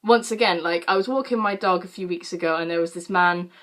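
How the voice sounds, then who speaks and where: A British woman in her late teens, working as a vlogger, tells a story to camera in a casual, animated way. Her voice sits on the low side and moves briskly, packed with fillers and offhand swearing.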